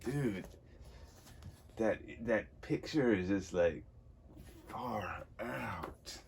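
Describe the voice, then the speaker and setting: A man's voice: on the low side, expressive, drawn-out words, creaky, darkish tone, slight background noise. A man casually reading a comic book aloud, with laid-back, rambling asides. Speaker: comic reader.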